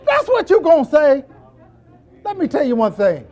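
A middle-aged church deacon with an extremely high voice gives a humorous Bible teaching at a normal speed, animatedly acting out little scenes with quoted voices, joking and laughing. The recording is muffled, and a faint crowd can be heard.

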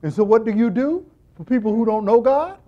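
A very high voice, a slightly fast pace, and lo-fi sound mark this clip of a middle-aged church deacon. His Bible teaching is funny and animated, full of acted-out scenes with quoted voices, jokes, and laughs.

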